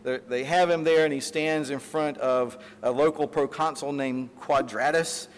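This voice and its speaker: A pastor delivering a sermon, telling a story with animated retellings and acted-out quotes, then closing in prayer. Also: male voice, on the high side, moderate pace. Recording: reverberant hall, faint room noise.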